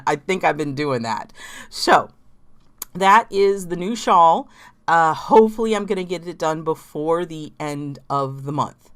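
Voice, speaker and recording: Woman, low-ish pitch, Southern drawl, casual rambling knitting vlogger. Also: measured pace, smooth. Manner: chatty, rambling with restarts and little laughs. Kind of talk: casual chat.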